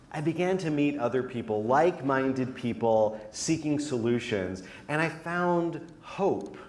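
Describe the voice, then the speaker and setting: A man's voice: mid-range voice, a little hiss or hum. A man from the American Northeast delivers a comedic talk with theatrical flair. His voice sits in a middle register. The sound carries a roomy echo. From New York and Connecticut. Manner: theatrical, shifts into mock voices. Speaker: speaker, performance artist.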